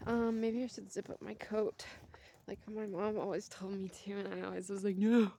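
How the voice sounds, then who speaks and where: A woman's voice: medium pitch, little pitch movement, moderate pace, creaky, dark tone, a little hiss or hum. A young adult woman vlogging outdoors on a cold winter walk, talking in a rambling, chatty way with jokey asides. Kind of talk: casual walking vlog.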